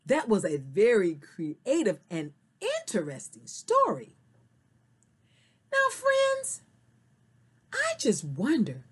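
A woman telling a story to children, slow and very expressive, then talking to her young viewers. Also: fairly high pitch, slightly rough. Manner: slow, sing-song and very expressive.

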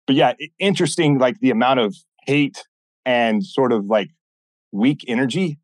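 A man guesting on a podcast, telling stories in a blunt, animated way and acting out what people said. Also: medium pitch, moderate pace, no room sound. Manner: animated, blunt, swears often, acts out quoted dialogue. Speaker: podcast guest, former military instructor. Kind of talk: casual interview storytelling.

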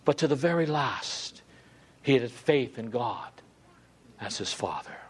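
A man preaching a sermon, swinging from hushed, low passages to loud, dramatic climaxes. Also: expressive, a little slow, slightly rough. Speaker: pastor.

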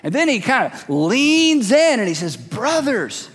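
A man preaching a sermon as a pastor in a church, emphatic, slowing down to stress key words. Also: extremely high pitch, sing-song, a bit bright, long reverb tail.

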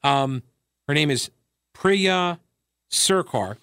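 A man's voice: expressive, drawn-out words, a bit bright, clean tone, no room sound, studio quality. A man hosting a radio talk show, delivering a sarcastic solo monologue with mocking asides. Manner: sarcastic, mocking asides, wide pitch swings.

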